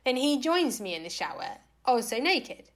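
Animated young woman telling a story. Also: a little high, normal speed. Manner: lively, animated retelling with filler "like". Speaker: podcast guest, writer and actor. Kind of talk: candid personal storytelling.

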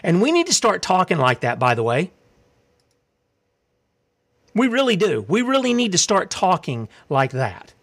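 A male preacher delivers a fiery sermon in a voice pitched a little above the usual. He challenges his listeners with pointed rhetorical questions and reads scripture aloud between his exhortations. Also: wildly swooping pitch, a little slow, long pauses.

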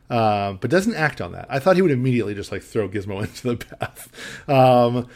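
A man's voice: mid-range voice, lively intonation, moderate pace. A man co-hosting a podcast, recapping a film in casual chat, rambling with lots of fillers and easy laughs. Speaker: podcast co-host.

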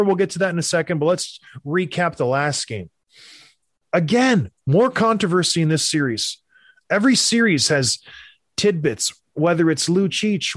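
A man who used to play hockey, hosting a casual sports talk show and giving animated, opinionated rants. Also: fairly high pitch, no room sound, clean studio sound. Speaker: podcast host, former hockey player.

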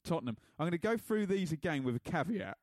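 A man's voice: a little high, expressive, fast talker, dry recording. A man co-hosting a podcast in casual chat, jokey and laughing often as he reads out listener messages. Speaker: podcast co-host.

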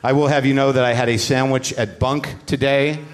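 A man hosting a live podcast on stage, telling a story in an animated, profane and self-deprecating way. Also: medium pitch, brisk. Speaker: podcast host and comedian. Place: on stage at a live comedy show.

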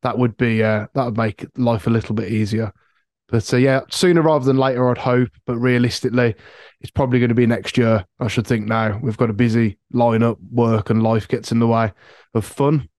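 A man co-hosting a podcast in relaxed, hedging casual chat. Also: medium pitch, fairly quick, dry recording. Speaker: podcast co-host.

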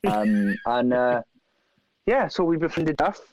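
A man from South Wales with a Welsh accent, telling animated, profane anecdotes and acting out other people's lines. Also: fairly high pitch, measured pace, dry recording. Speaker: guest musician. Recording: dry, slightly dull lo-fi sound.

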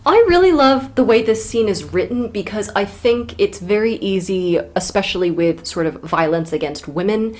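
A woman's voice: medium pitch, animated, normal speed, hardly any pauses, a little mellow. A woman co-hosting a casual book podcast, teasing her partner and then reflecting thoughtfully on the writing. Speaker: podcast co-host.

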